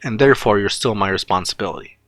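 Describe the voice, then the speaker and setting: A weary, stern teacher speaks in a low, matter-of-fact tone, as a man voices him. He is firm and dry, in a fan story reading. Dry sound with faint music. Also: fast, fairly bright tone, no echo, lightly acted.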